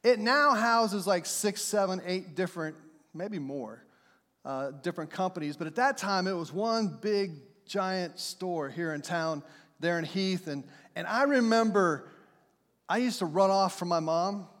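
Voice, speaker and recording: A man preaching a sermon to his congregation in a lively storytelling manner, now and then acting out what people said. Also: high-pitched, unhurried. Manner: storytelling, animated, acts out shouts and quotes. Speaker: pastor. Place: church sanctuary. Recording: long hall reverb.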